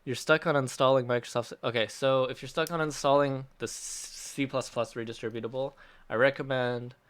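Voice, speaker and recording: A man's voice: mid-range voice, steady tone, moderate pace, a bit bright, clear, resonant tone. A man hosting a casual livestream Q&A, reading out chat questions and answering them in an upbeat, chatty way with frequent laughs and restarts. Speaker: app developer hosting a release livestream.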